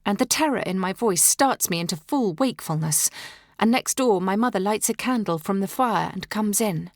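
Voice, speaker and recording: A woman reads a first-person historical novel aloud, dramatic and emotive, slipping into hushed whispers at tense moments. Her pitch sits in an ordinary middle range. The recording is close and dry, with no room sound at all. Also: expressive, normal speed, no echo. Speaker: audiobook narrator.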